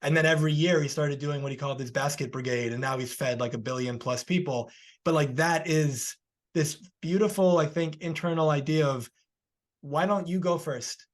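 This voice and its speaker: A man's voice: fairly high pitch, steady tone, brisk. A man hosting a podcast interview, earnestly telling a story and offering encouragement, who works as a healer himself.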